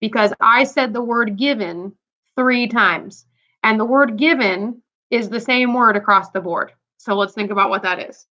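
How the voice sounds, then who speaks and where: A woman's voice: a little high, moderate pace, sharp tone. A woman teacher talking students through a quiz in an upbeat, chatty lesson, speaking directly to them. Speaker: Spanish teacher. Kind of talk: recorded lesson walkthrough. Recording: dull lo-fi sound.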